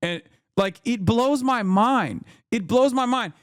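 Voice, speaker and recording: A male streamer giving casual reaction commentary in a rather high, smooth voice. He rants in animated disbelief, talking straight to his chat. The sound is dry and close, with no room around it. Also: slow pace, no room sound. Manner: animated, incredulous ranting. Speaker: political streamer.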